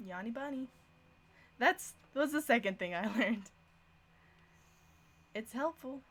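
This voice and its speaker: A woman's voice: on the high side, lively intonation, takes it slowly, fairly bright tone, slightly rough. A young woman giving a casual live-streamed language lesson, chatty and self-deprecating, often laughing at herself. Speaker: language teacher.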